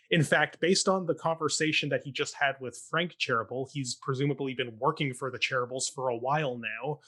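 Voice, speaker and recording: A man's voice: mid-range voice, fairly even intonation, moderate pace, a bit bright. A young man co-hosting a talk show, recapping a stage play in a chatty, sarcastic way and mock-quoting the characters. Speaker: podcast co-host recapping a stage production. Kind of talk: casual chat.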